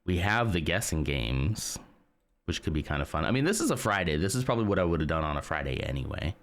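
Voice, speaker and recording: A man's voice: deep voice, big pitch swings, fast talker. A man streaming live, chatting casually and rambling as he reads and answers his chat.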